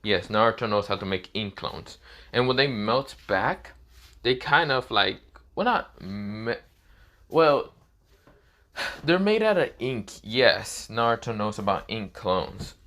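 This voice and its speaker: A man casually improvising a fan fiction story, rambling and filling pauses as he searches for words. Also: lowish voice, lively intonation, pushed and bright. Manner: rambling, full of fillers and self-corrections.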